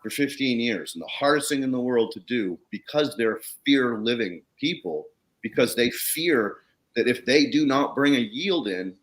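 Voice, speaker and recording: Blunt male guest, swears a lot, lively up-and-down delivery, casual storyteller. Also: mid-range voice, normal speed. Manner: animated, blunt, swears freely. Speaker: guest, soil consultant.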